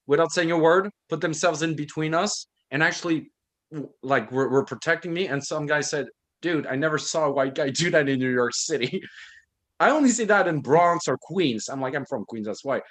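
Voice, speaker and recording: A man co-hosting an online book discussion over a video call, telling stories in an animated way and laughing often. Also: fairly high pitch, normal speed. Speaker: book club co-host.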